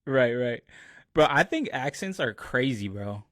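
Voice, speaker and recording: A man's voice: mid-range voice, measured pace, no echo. Man, podcast host, laid-back storytelling, dry close sound. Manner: relaxed storyteller, many "like" and "bro" fillers. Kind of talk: casual chat.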